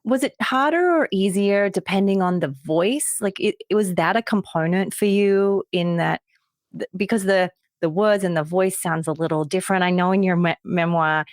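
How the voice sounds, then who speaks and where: A woman's voice: on the low side, moderate pace, dry recording, studio quality. A woman hosting a podcast interview, asking questions enthusiastically with lots of "like". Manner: warm, enthusiastic questioning with many "like" fillers. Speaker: podcast host.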